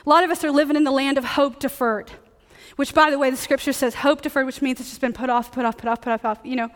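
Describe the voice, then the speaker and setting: High-voiced woman preaching in a big hall. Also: steady tone, fast talker. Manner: conversational, joking preaching. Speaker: pastor. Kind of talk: sermon.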